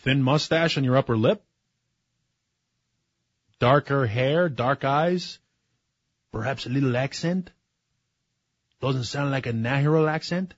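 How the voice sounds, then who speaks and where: A man's voice: on the high side, slightly rough, no echo, highs cut off. A man in his forties, a talk radio host, speaking in a sarcastic, opinionated monologue that builds to heated emphasis. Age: 40s. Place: radio studio.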